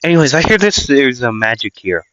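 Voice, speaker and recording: A man's voice: medium pitch, big pitch swings, fairly quick, a bit bright, no echo. A man voicing a blunt young male hero in a fan-made audio story, laid-back and a little bewildered. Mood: rambling. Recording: dull lo-fi dry recording.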